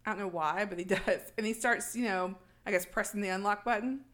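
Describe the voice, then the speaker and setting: Animated woman retelling a story. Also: mid-range voice, fairly quick. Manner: animated storytelling, acts out quoted lines, laughs often. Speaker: podcast co-host recapping a film. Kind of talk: casual chat.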